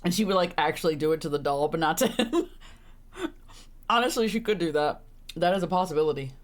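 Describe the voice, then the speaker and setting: A woman's voice: sits low, animated, a little fast. A young woman streaming a visual novel, reading lines and reacting with sarcastic, exasperated, sweary commentary. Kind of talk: casual let's-play commentary.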